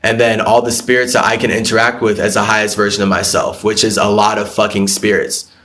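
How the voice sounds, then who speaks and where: A man's voice: lowish voice, flat delivery, brisk, fairly bright tone. A man hosting a spiritual live stream who talks bluntly and profanely, rambling through his ideas, answering viewer comments and breaking into laughs.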